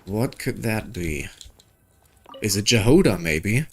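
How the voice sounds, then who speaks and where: A man's voice: fairly low pitch, lively intonation, takes it slowly, slightly rough. Chatty young man doing game commentary. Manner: chatty, jokey, reads game dialogue aloud. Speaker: gaming video creator.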